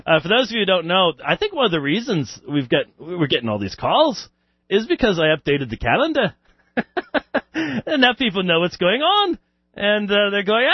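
A man's voice: fairly high pitch, no room sound. A man hosting a radio call-in show, chatting casually with callers, often chuckling and full of fillers. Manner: lively, chuckling, many fillers. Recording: dull dry radio sound.

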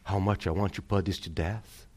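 A man voicing a remorseful mother in a sermon story, speaking softly and pleading with her family for forgiveness. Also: low-pitched, fairly even intonation, normal speed, slightly rough, voice pushed down. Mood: pleading, contrite. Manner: soft, pleading, contrite.

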